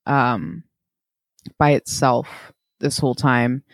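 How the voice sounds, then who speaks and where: A man's voice: mid-range voice, level tone, slow, fairly bright tone, dry recording. Easygoing guy on a podcast, jokes around, lots of likes and ums, dry sound. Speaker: podcast co-host. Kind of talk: casual chat.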